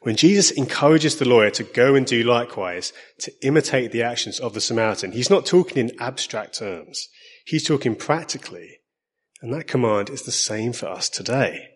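A man with an Essex accent giving a sermon, measured and earnest, slowing down to stress key lines. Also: medium pitch, lively intonation, husky. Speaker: preacher.

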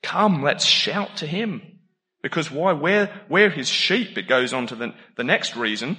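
A man preaching a sermon in a lively, conversational way, laughing often and jumping into sudden emphatic bursts. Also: fairly high pitch, a little slow. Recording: long hall reverb.

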